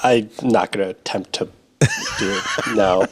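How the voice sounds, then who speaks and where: A man's voice: on the low side, wildly swooping pitch, a little slow. A man, the show's producer, answering in a dry, reluctant way during casual chat. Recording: noisy background with clicks.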